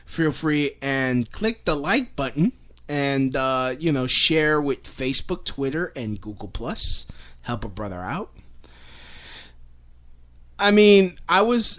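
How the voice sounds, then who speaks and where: On the high side with a fairly bright tone, a young man delivers a rambling, comedic rant to camera as a vlogger. Swearing is frequent, as are restarts and bursts of laughter.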